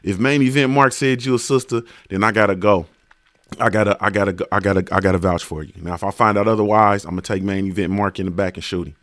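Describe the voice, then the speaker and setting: A man's voice: lowish voice, steady tone, quick pace, a bit bright, dry recording. A man hosting a casual livestream, greeting viewers by name in a laid-back, slangy, sing-song way. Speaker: livestream host.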